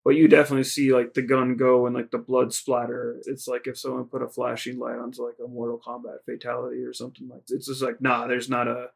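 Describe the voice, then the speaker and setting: A man's voice: medium pitch, monotone, quick pace, vocal fry, hardly any pauses, slightly rough. Rambling casual male podcast host. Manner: rambling, heavy use of "like", retells scenes in quoted voices. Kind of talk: casual recap chat.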